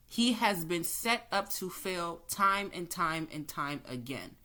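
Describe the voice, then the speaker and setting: Tarot reader, woman, lowish bright forceful voice, blunt profane ranting. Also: expressive, slow, few pauses. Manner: blunt, heated, cussing freely.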